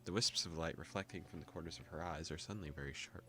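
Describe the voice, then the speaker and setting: A young man hosting a gaming video, calmly reading a visual novel aloud with joking asides. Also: deep voice, quick pace, few pauses, a little hiss or hum.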